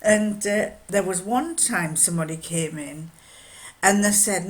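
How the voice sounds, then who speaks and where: A woman's voice: on the low side, unhurried. An older woman from northern England, chatting casually in a rambling, anecdotal sewing vlog. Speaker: sewing vlogger. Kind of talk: casual chat.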